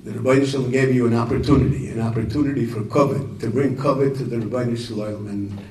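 A man telling a story and talking to yeshiva students, halting and repeating words, with Yiddish and Hebrew terms. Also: mid-range voice, steady tone, a little mellow. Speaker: speaker addressing yeshiva students. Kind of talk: informal talk to students, storytelling. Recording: echoey room, voice from far off, faint noise.

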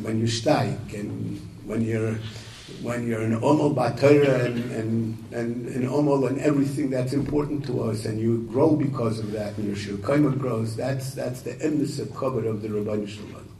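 A man telling a story and talking to yeshiva students, halting and repeating words, with Yiddish and Hebrew terms. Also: medium pitch, dark tone. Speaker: speaker addressing yeshiva students. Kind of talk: informal talk to students, storytelling. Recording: echoey room, voice from far off, faint noise.

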